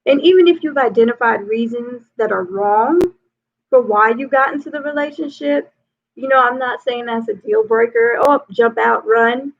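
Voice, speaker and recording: Woman, life coach, relationship advice, chatty, says "you know" a lot, gravelly fry, tinny phone-like audio. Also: a little high, moderate pace. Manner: conversational, peppered with "you know".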